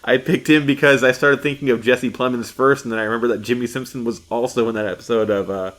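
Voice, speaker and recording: A man's voice: mid-range voice, steady tone, fast talker, fairly bright tone. A man as a podcast guest in casual chat, easygoing and a bit hesitant. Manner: easygoing, explains picks with some hesitation.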